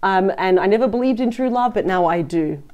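Female tarot reader, warm mellow voice, casual rambling delivery to camera. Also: medium pitch, lively intonation, fairly quick. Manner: chatty, thinking aloud, trailing into asides.

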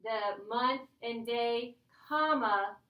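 A woman's voice: on the high side, very slow, sharp tone. A woman teacher giving a playful, chatty grammar lesson to her class. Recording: echoey classroom from a distance.

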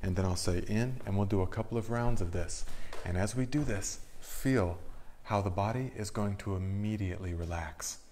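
A man leading a guided breathing meditation, giving calm instructions and counting slowly through each breath. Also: fairly low pitch, slight background noise. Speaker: meditation leader.

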